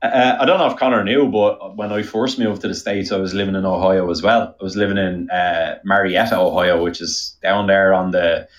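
A man with an Irish accent talks in a loose, rambling way as a podcast guest. His voice sits very low, and he chats with an easy, unhurried manner. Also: steady tone, highs cut off. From Ireland. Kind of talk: casual chat.

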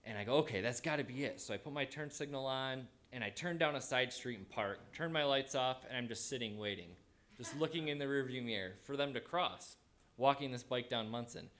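A man telling a personal story in a casual, animated way, acting out his own thoughts as he goes. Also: mid-range voice, brisk, a little hiss or hum.

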